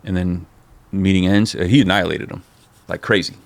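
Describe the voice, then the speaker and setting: A middle-aged man with a very deep, gravelly voice tells stories in a casual sit-down interview. He talks in an animated, profane way, peppering everything with "dude" and "man.". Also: fairly quick, dry recording. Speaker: interview guest, former skateboard company manager.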